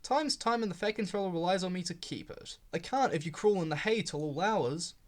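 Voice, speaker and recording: A man's voice: high voice, brisk, close to an everyday voice. A man doing a bossy, fussy tank engine. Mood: cross. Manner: cross and bossy.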